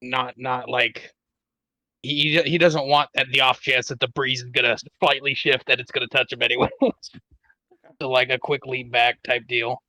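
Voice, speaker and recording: A man's voice: mid-range voice, flat delivery, normal speed, bright, forceful tone, dry recording, rough recording. A man playing in a tabletop game, describing his character's moves in a jokey, rambling way with many fillers. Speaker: player. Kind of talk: casual chat.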